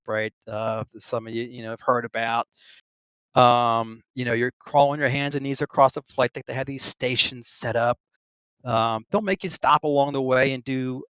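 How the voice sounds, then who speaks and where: A man's voice: medium pitch, a bit bright, clear, resonant tone, dry recording. A middle-aged Navy veteran being interviewed over a voice call. He tells his story casually, full of ums and restarts, and laughs between phrases. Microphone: online voice call.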